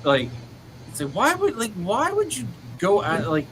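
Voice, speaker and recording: A man in casual live-stream chat, telling stories in an animated way. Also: high-pitched, unhurried, a little hiss or hum. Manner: animated storyteller.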